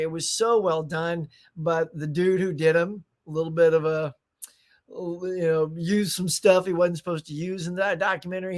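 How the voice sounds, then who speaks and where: A middle-aged man hosting a casual morning livestream, chatty and upbeat, greeting viewers by name with frequent laughs and restarts. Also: fairly high pitch. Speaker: livestream host.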